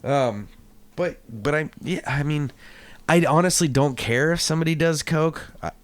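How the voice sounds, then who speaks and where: A man's voice: a little high, normal speed, no echo. Profane man hosting a casual podcast. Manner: profane storyteller who acts out quotes. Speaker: podcast host.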